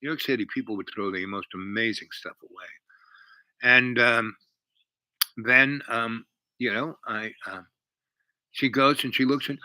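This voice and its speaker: A man's voice: mid-range voice, moderate pace, no echo, low-quality recording. A man telling a long personal story in a rambling, casual way, full of fillers and asides. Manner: rambling, heavy on fillers, animated.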